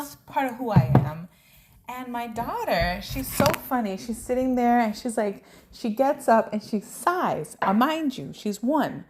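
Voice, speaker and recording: A woman in her thirties chatting casually at home, telling a story with lively energy. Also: on the high side, slight background noise. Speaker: vlogger. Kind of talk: casual chat. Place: home kitchen.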